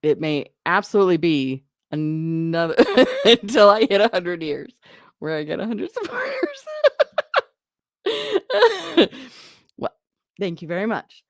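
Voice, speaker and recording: A woman's voice: mid-range voice, sing-song, slow pace, pauses often, no room sound, clean studio sound. A woman hosting a live stream, chatting casually and answering viewer comments in a rambling way, often breaking off and laughing.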